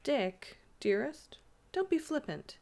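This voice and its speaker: A woman reading the lines of a gentle, proud young wife in a storybook, in a soft, demure manner. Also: high-pitched, sing-song, slow pace, pitched above the performer's own voice, exaggerated voice. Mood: chiding.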